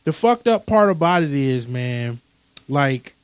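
A man in casual chat, recounting a news story in a measured way with street slang. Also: medium pitch, animated, clean tone, no echo.

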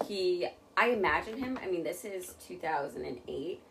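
Young woman podcast co-host, lower voice, laughing chatty storyteller, faint background noise. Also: animated, normal speed, creaky. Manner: laughing, swearing, loose and chatty. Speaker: podcast co-host telling a true crime story. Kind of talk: casual chat.

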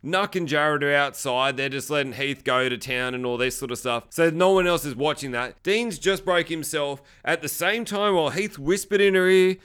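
A man recaps a film as a show host. His voice sits a bit high and sounds smooth and clear. He tells the story casually and with energy, and he swears all the way through. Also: moderate pace, hardly any pauses. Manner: profane, lively storytelling.

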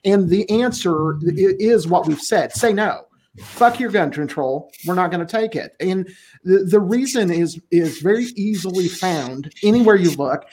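A man's voice: high voice, animated, normal speed, darkish tone, slight background noise. Blunt, profane man in casual talk. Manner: blunt, profane, emphatic, laughs often. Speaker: podcast co-host. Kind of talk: casual political chat.

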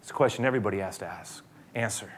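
A man preaching a sermon, retelling a story dramatically and swinging between loud and hushed speech. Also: lowish voice, very fast. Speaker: pastor.

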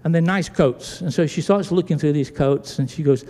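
A man's voice: a little high, normal speed. A man preaching a sermon, acting out the voices of people in his story. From Britain. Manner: animated storyteller acting out dialogue. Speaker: pastor. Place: church sanctuary. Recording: long church hall reverb.

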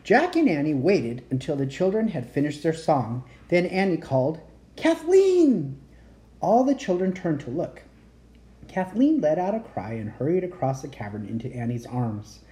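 A woman reading a children's chapter book aloud in a gentle, unhurried storytelling manner. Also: deep voice, sing-song. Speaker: reader.

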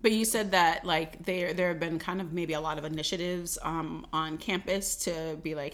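A woman interviewing a guest in a casual chat, asking friendly questions with animated asides and laughs. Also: lowish voice, normal speed, few pauses.

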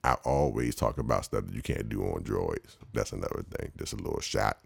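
Deep, gravelly man telling a story. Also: a little fast, no echo. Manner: animated, laughs often, acts out voices; slangy, conversational. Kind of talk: casual travel storytelling.

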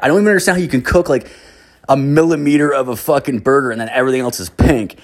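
A man's voice: medium pitch, racing. Young guy with a mid-range voice, telling a long rambling story, swears a lot and leans on fillers. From Canada. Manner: rambling, profane, heavy on filler words. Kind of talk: casual storytelling.

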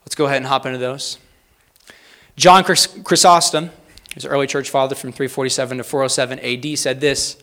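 A man preaching a sermon, reading quotes aloud with rising emphasis and pausing to talk plainly to the congregation. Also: mid-range voice, fairly even intonation, sharp tone. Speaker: pastor.

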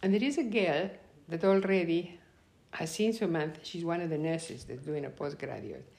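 A woman's voice: on the low side, moderate pace, gravelly. Woman acting out her story's dialogue. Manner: animated, acts out quoted dialogue; laughs often while telling. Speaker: interviewee. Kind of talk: personal storytelling.

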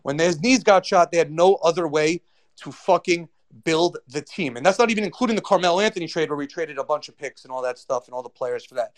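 A man's voice: fairly high pitch, quick pace. A man on a sports show, ranting profanely and pressing each point with emphasis. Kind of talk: sports rant.

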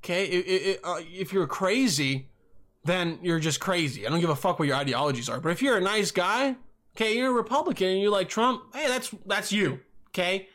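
A young man with a notably high voice hosts his own podcast, rambling and cursing as he rants. He swings from loud outbursts to calmer stretches, circling back over his points. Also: a little fast. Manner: profane, rambling, yelling in bursts. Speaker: podcast host. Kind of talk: solo podcast rant.

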